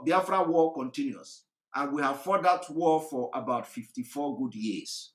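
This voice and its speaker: A man's voice: high voice, pushed and bright. A man giving a rambling live broadcast monologue, retelling stories with a comic touch. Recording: roomy echo.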